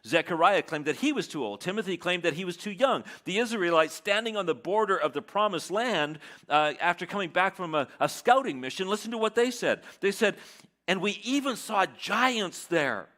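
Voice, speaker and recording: Higher-voiced man preaching a sermon. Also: animated, moderate pace, sharp tone. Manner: dramatic, acts out quoted self-doubt in a higher voice. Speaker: pastor.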